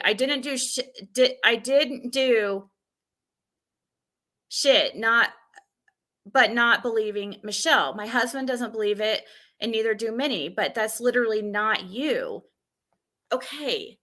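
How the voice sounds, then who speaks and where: Woman streamer venting about a fight, bright higher voice, keeps restarting. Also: lively intonation, unhurried, long pauses. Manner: agitated, recounting an argument with restarts. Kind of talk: venting live stream monologue.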